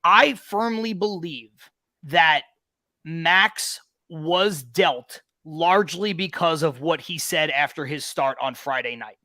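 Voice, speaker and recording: A man's voice: fairly high pitch, slow pace, bright, forceful tone, no echo. A man co-hosting a sports podcast, making emphatic, argumentative points in opinionated sports talk. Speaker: podcast co-host.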